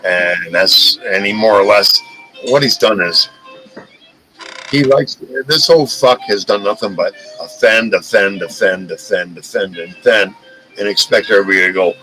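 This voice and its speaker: A man hosting a casual live stream, talking in an animated, profane rant. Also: fairly low pitch, unhurried, faint music behind, poor audio. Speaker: livestream host.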